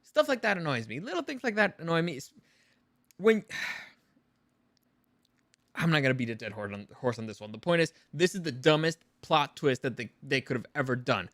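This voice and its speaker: A man delivering a ranting review, sarcastic and fed up, with frequent swearing. His voice sits fairly high and sounds bright and forceful. The recording is close and dry. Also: animated, fairly quick, dry recording. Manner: exasperated, sarcastic, swears freely.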